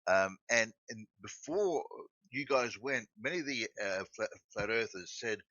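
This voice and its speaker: A man calling in to a live panel show, talking haltingly with stammers and restarts. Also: medium pitch, expressive, bright, forceful tone, no room sound, highs cut off. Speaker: caller. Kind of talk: call-in chat.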